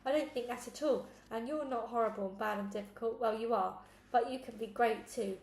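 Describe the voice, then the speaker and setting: A woman's voice: on the high side, fairly quick, vocal fry, a little mellow. A woman voicing an exasperated, blunt adult foster mum in a storybook reading. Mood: patient. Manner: blunt, losing patience. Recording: echoey room, faint noise.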